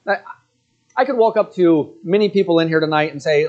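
A man in his forties preaches in a church in a notably high voice. He talks in a conversational, joking way and keeps turning aside to the congregation. The recording sounds dull and lo-fi. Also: a little fast, a little mellow. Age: 40s. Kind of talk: sermon.

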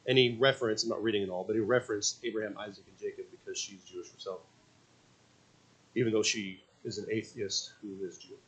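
A man preaching at a church service, reading an account aloud, halting with frequent restarts and questions to the congregation. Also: lowish voice, steady tone, a bit bright, husky, poor audio. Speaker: pastor.

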